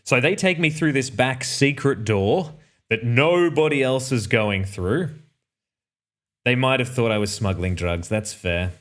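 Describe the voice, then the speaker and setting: A man's voice: medium pitch, a little slow. An Australian man telling a personal travel story in a casual, rambling way, often correcting himself and dropping dry asides. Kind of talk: casual anecdote.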